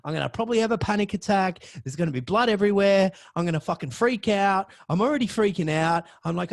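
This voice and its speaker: Swearing, excitable high-voiced man. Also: fast talker, hardly any pauses. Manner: profane, excitable, swings from low mutters to loud outbursts. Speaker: podcast host. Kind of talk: storytelling monologue.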